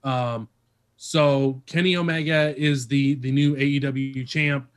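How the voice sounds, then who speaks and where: A man of middling pitch hosts a casual podcast conversation. He rambles along with plenty of ums and uhs, then picks up energy when he gets excited. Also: slow pace, smooth. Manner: rambling, many fillers, lively when excited. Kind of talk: casual chat.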